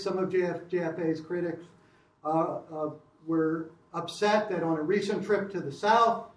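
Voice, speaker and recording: An older man reading a prepared lecture in a measured academic way, with occasional restarts. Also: high-pitched, echoey room, far from the mic, poor audio.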